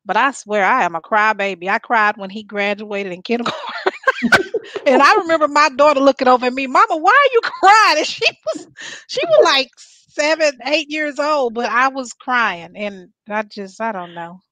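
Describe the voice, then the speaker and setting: A woman's voice: fairly high pitch, moderate pace, sharp tone, no echo. A woman in her forties from Texas, telling a personal story in casual chat as a guest, laughing often.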